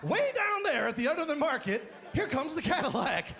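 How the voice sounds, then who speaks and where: A man doing a stand-up comedy routine on a live stage, loud and exaggerated, often shouting his punchlines. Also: extremely high pitch, sing-song, moderate pace, vocal fry. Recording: live stage mic, crowd laughter and noise. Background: audience laughing.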